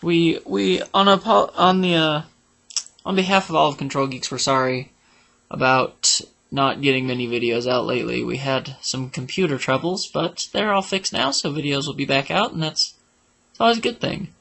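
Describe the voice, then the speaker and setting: A man's voice: a little high, moderate pace, gravelly, pushed and bright. A man giving casual, rambling gameplay commentary for a walkthrough, joking and humming tunes as he plays. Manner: rambling, jokey, hums and sings while playing. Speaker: game walkthrough narrator.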